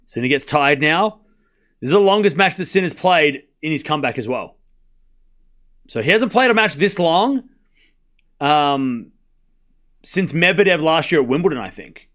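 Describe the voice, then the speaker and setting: Late at night, a male livestreamer delivers casual tennis play-by-play, calling scores quickly and bantering with viewers in chat. His voice sits fairly high and sounds expressive and slightly bright.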